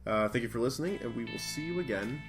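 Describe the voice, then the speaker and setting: A man's voice: mid-range voice, animated, fast talker, loud music behind the voice. A man co-hosting a podcast, casually discussing comics with wry, mock-sceptical asides and wrapping up the episode. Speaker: podcast co-host.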